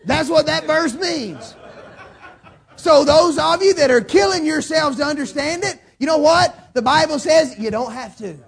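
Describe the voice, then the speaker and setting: A pastor delivers his sermon in a strikingly high voice with plenty of gravel. He tells folksy stories and climbs to shouts at the big points. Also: lively intonation, measured pace. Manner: folksy storytelling, rising to shouts.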